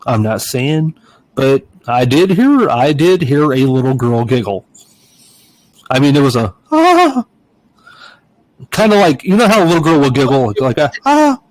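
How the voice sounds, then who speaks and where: A man's voice: medium pitch, sing-song, moderate pace, darkish tone, dry recording, low-quality recording. A middle-aged man co-hosting a podcast, telling a ghost story in a rambling, casual way, with a stuffed-up nose. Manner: rambling storyteller, acts out voices and giggles. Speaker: podcast co-host.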